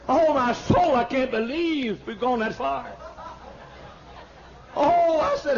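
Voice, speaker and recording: An older man preaching a sermon in a church, emphatic, stammering into repeats and rising to sudden shouts. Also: extremely high pitch, expressive, unhurried. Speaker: pastor. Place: large church auditorium. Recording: dull lo-fi archival sermon tape.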